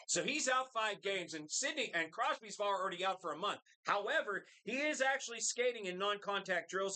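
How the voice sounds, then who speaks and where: A man giving a quick, casual sports rundown on a live podcast. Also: high-pitched, pushed and bright, low-quality recording. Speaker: sports reporter. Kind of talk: casual chat and sports report.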